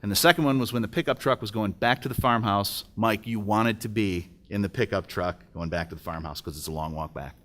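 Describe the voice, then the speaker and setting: At a business breakfast in an event hall, a middle-aged man shares an emotional personal testimony, telling a story and acting out the dialogue. His voice sits on the low side with a slightly bright quality, and he speaks briskly with hardly any pauses.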